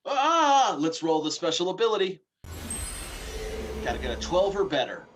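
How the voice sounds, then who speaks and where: A man narrating a tabletop game as game master, in a measured, storytelling way. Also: a little high, expressive, slight background noise, rough recording.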